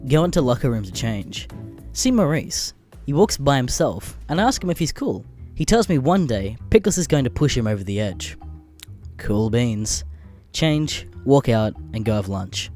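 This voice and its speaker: A man narrating comedic internet stories with crude, deadpan asides, a little under the weather. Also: mid-range voice, normal speed, soft background music. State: a bit sick.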